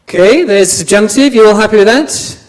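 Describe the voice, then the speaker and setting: This man's voice sits high and moves at a normal speed as he gives a classroom lecture on language. Chatty in style, he repeats words and quizzes the students, and the lecture room adds a long hall reverb to the recording.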